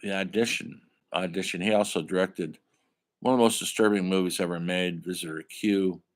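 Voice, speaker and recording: A man's voice: low voice, fairly even intonation, normal speed. A man teaching a film studies class in a rambling, enthusiastic way, with many fillers and restarts. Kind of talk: casual classroom lecture.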